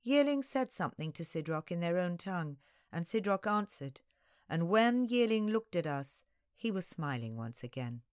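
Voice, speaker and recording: A woman narrating a historical novel in the first person, in slow, measured storytelling. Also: on the low side, big pitch swings, clean tone, no echo, clean studio sound.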